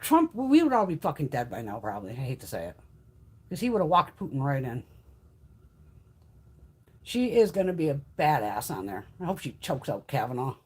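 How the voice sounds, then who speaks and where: A woman in her fifties chatting casually on a live stream, blunt, profane and animated. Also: a bass voice, moderate pace, long pauses, husky. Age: 50s. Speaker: beauty livestream host.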